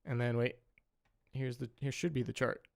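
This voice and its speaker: A young man's creaky, mid-range voice stays fairly flat in pitch and moves at a normal speed. He's a saxophonist streamer chatting casually, rambling and filling gaps with "um" and "like."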